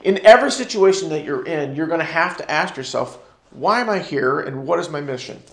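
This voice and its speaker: A man's voice: a little high, expressive, a little fast, a bit bright, roomy sound. A man with an American accent teaching a church ministry class in sermon style, repeating key phrases and calling for responses from the room.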